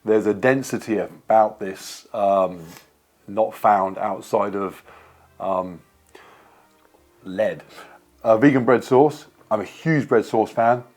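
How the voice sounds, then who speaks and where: A man's voice: lowish voice, slow pace, pauses often, a little mellow, faint music behind. A man hosting a casual vlog, chatting playfully while taste-testing food. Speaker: vlogger host.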